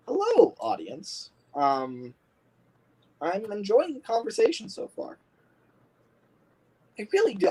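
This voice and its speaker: Animated man chatting on a livestream. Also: on the high side, poor audio. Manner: animated, laughs often, many fillers. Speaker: livestream host. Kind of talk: casual livestream chat.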